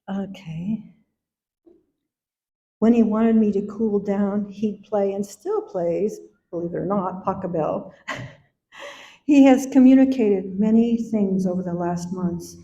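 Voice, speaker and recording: Slow, gentle older woman at a memorial. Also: mid-range voice, steady tone. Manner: slow, gentle and tender, sometimes singing softly. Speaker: mother giving a eulogy. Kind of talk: memorial speech. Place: memorial gathering hall. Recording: echoey hall, dull sound.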